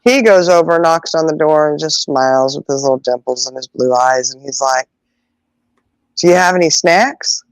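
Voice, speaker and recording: A woman's voice: very deep voice, no room sound, poor audio. A middle-aged woman telling stories in casual chat, laughing often and acting out voices in the quotes. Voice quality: animated, acts out voices in quotes. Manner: laughs often, drawn-out exclamations. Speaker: podcast host.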